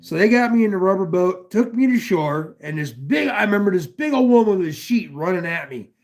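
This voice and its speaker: A man from northwestern Pennsylvania spins a long, rambling story in a fairly high voice. He swears freely and keeps drifting into side remarks. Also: expressive, fairly quick. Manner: rambling and profane, with many asides. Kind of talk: casual chat, telling a long story.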